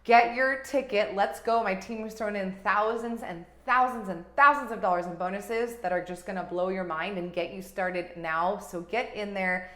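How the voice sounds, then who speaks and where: A woman life coach hosting her podcast, giving an energetic, gushing motivational talk that swings between loud and hushed. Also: medium pitch, normal speed, hardly any pauses. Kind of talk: motivational monologue. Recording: roomy echo.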